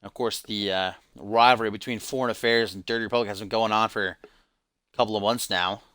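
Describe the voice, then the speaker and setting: Man, stream host, casual wrestling-game commentary, joking, forceful tone, dry close sound. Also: on the low side, fairly even intonation, fairly quick, clear, resonant tone, no room sound. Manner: joking, teasing chat asides. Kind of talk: live play-by-play of a wrestling video game.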